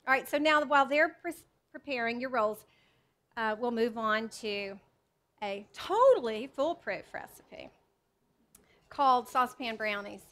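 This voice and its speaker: A woman's voice: fairly high pitch, expressive, a little slow, a bit bright. A woman giving a live cooking demonstration to an audience, chatty and self-deprecating, with frequent restarts. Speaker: cookbook author doing a cooking demo. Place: teaching kitchen with a live audience.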